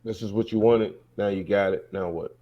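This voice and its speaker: A man's voice: fairly low pitch, fairly even intonation, moderate pace, muffled recording. A man co-hosting a casual discussion podcast, laid-back, often agreeing and laughing along. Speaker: podcast co-host.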